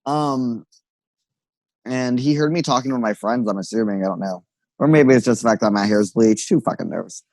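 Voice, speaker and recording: A man's voice: mid-range voice, normal speed, darkish tone, dry recording, low-quality recording. A young man in casual podcast chat, telling stories with sassy quoted asides and lots of swearing. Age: young adult. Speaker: podcast co-host.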